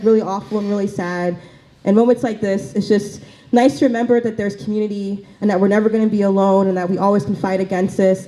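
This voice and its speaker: A woman's voice: mid-range voice, mellow, poor audio. A woman doing a stand-up comedy set in a small cafe, chatty and full of fillers and asides.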